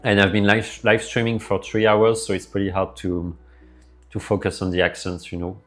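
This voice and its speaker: A man's voice: on the low side, monotone, moderate pace, faint music behind. A man with a French accent, live streaming and chatting casually with his viewers, rambling as he answers their messages aloud.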